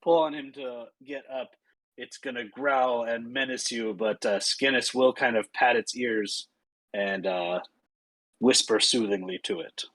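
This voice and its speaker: Slow, husky-voiced game master. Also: male voice, mid-range voice, steady tone, fairly bright tone, dry recording, low-quality recording. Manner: unhurried, with many fillers. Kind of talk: narrating a tabletop game.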